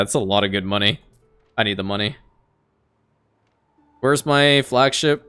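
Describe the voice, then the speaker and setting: A man giving casual let's-play commentary on a strategy game, excitable, talking to the game characters and laughing often. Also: mid-range voice, a little slow, pauses often, clean tone, faint music behind. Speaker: gaming YouTuber.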